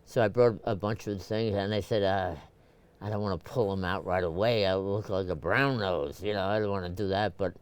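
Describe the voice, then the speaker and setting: Older New man, low smooth voice. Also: fairly even intonation, normal speed. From Brooklyn, New York. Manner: rambling, many fillers and restarts, clears throat often. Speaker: photographer, interview guest. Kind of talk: casual storytelling interview.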